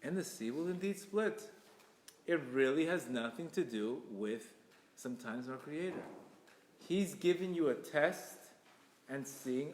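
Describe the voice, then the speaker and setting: A man's voice: on the high side, expressive, normal speed. Emphatic man preaching in an echoey hall. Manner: emphatic, repetitive, with sudden loud bursts. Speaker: Torah teacher. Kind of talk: inspirational religious talk.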